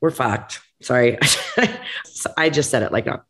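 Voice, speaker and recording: A woman's voice: rumbling low, a little slow, slight background noise. A woman who owns a restaurant, talking bluntly and emphatically as a guest in a candid interview. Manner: blunt, emphatic, gets heated and laughs it off. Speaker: restaurant owner, podcast guest.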